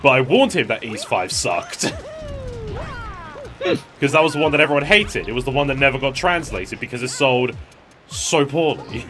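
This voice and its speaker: A man's voice: medium pitch, very animated, normal speed, pauses often, faint music behind. A British man streaming a game, chatting casually, rambling with stammered restarts and a lot of swearing.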